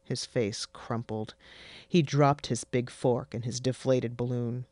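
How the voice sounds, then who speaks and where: A narrator reading a fantasy story in a wry, deadpan way. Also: medium pitch, slow pace, no room sound, clean studio sound. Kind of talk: scripted fiction narration.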